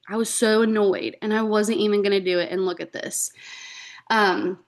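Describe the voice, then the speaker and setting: A woman's voice: mid-range voice, steady tone, normal speed. Chatty woman telling her story. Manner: chatty, frequent "like" and "um", acts out quoted dialogue. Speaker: guest speaker. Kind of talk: casual personal story on a team call. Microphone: video call.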